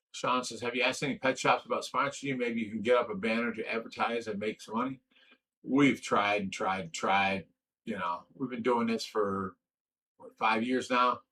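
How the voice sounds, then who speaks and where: A man's voice: mid-range voice, fairly even intonation, normal speed, pauses often, sharp tone, a little hiss or hum, rough recording. An older man from Ohio hosting a fish rescue livestream, chatting casually and reading viewer comments with a rambling, restarting way of talking. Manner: rambling, restarts sentences, swears when angry. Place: indoor room away from the fish room.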